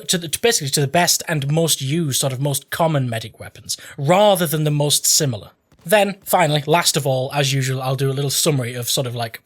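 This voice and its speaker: A man's voice: on the high side, fairly bright tone. A man hosting a gaming channel, giving a casual, jokey, rambling weapon review.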